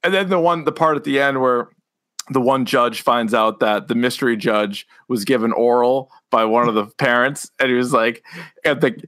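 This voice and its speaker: A man's voice: mid-range voice, moderate pace, fairly bright tone. A man co-hosting a casual podcast, animatedly retelling comedy sketches with frequent laughter. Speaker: podcast co-host. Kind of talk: casual chat.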